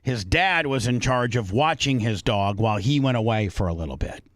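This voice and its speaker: A man's voice: mid-range voice, expressive, moderate pace, a bit bright, no room sound, studio quality. A man hosting a radio talk show, retelling a news story in casual chat, often repeating and restarting his words.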